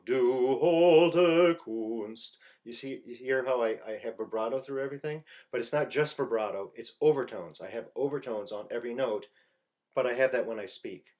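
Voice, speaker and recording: A man giving an informal singing lesson, explaining slowly and haltingly and breaking into loud sung phrases to demonstrate. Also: medium pitch. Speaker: voice teacher.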